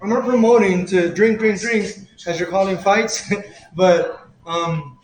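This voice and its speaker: A man's voice: high-pitched, fairly even intonation, slow pace, echoey room, rough recording. A man hosting a casual livestream, chatting in a rambling, self-correcting way while drinking a beer. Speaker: livestream host.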